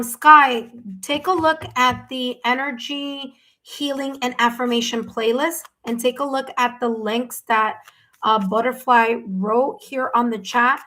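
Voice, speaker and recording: A woman hosting a live stream, giving gentle, reassuring tarot readings to viewers and often checking in with "okay?". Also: on the high side. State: hiccups. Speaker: tarot reader.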